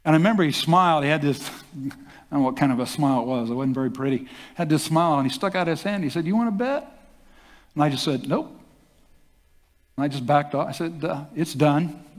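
Older pastor preaching with hall echo. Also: male voice, on the high side, fast. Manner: animated storytelling, acts out quoted voices. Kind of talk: sermon testimony. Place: church hall. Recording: long hall reverb.

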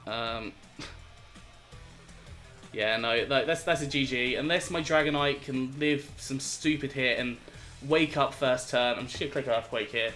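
A man's voice: medium pitch, measured pace, a bit bright, soft background music. A man commentating his own competitive game battle, thinking aloud and turning exasperated and self-critical at his mistakes. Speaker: gaming video host.

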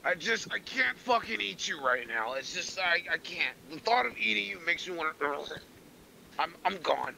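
A man's voice: high voice, very animated, moderate pace, vocal fry, bright, forceful tone, slight background noise, pitched above the performer's own voice, exaggerated voice, poor audio. A man voicing a grotesque monster that groans and retches with theatrical disgust.

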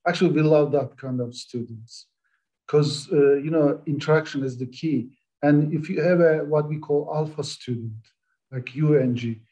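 A middle-aged man speaks as a panelist in an online discussion, and his voice sits a little high while staying dark and mellow in tone. He hesitates often, filling his pauses with "uh". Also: poor audio. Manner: hesitant, many "uh" fillers. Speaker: professor, webinar panelist.

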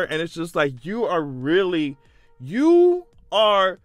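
Sassy, profane man with a high voice. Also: huge pitch swings, slow, no echo, faint music behind. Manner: sassy, profane, exclamatory with sudden high-pitched outbursts. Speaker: commentary vlogger. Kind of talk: casual reaction commentary.

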